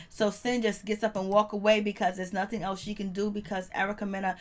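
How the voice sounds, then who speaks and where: A woman's voice: mid-range voice, flat delivery. Host for a reality TV recap channel: a woman with a mid-range voice, loose and slangy, chatty storytelling. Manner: slangy, laid-back storytelling with quick laughs. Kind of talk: casual recap vlog.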